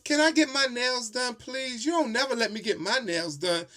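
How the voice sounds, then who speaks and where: A man's voice: very high voice, moderate pace, bright, forceful tone. A man voicing a ten-year-old girl who pleads with her mother in a whiny way. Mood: pleading.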